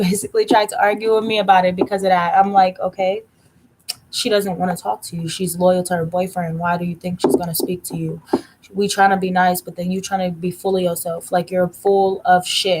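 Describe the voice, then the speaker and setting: Speaking in a lowish voice, a woman who reads tarot tells a story during a casual livestream. It turns into a blunt, profane rant, and she slows down whenever she wants to drive a point home.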